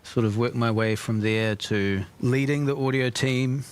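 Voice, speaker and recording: A man's voice: medium pitch, steady tone, unhurried, clean tone. A man answering interview questions, self-conscious and hesitant. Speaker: audio team lead.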